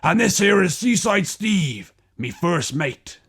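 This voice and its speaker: Brief: booming storybook pirate boss, high and swooping, gravelly, drawn-out bellows. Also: male voice, big pitch swings, full character voice. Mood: hearty. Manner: loud hearty pirate talk, bellowing. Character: portly boisterous male pirate club leader, boozy. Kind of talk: audiobook character acting.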